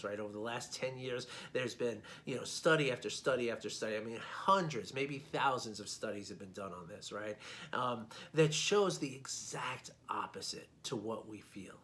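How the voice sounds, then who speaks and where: A man's voice: medium pitch, a bit bright. Chatty male coach asking "right?". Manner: chatty, frequent "right?" check-ins, repeats words. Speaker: life coach. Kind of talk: casual teaching talk.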